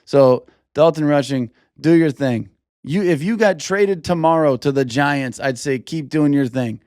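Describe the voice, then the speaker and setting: A man's voice: on the high side, a little slow, darkish tone, no echo. Fired-up male podcast host, dry sound. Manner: fired-up, blunt, profane. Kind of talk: solo podcast rant.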